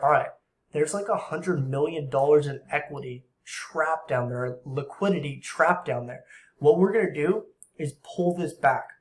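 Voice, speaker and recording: Animated young man teaching forex trading. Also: on the high side, echoey room. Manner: animated, acts out traders and market makers in quick asides; slang-heavy and conversational. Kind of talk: casual screen-share trading tutorial.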